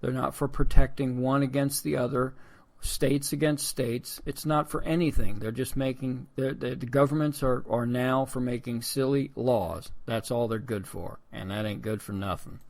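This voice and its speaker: A man's voice: medium pitch, steady tone, moderate pace, gravelly, a little mellow. A man hosting a political commentary podcast, talking in a sarcastic, rambling way and calling his listeners folks. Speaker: podcast host.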